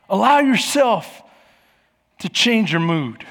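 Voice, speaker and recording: A man in his forties preaching a sermon as pastor, telling stories with lively acted-out voices and shouts. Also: high-pitched, a little slow, slightly rough, big-room sound. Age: 40s. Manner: animated storytelling, acting out voices and shouts. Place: church.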